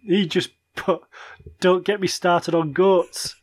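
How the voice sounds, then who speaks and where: A man's voice: high voice, steady tone, slow pace, husky, dry recording. Blunt British man, dry close sound. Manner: blunt, crude jokes. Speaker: podcast co-host. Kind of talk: casual chat.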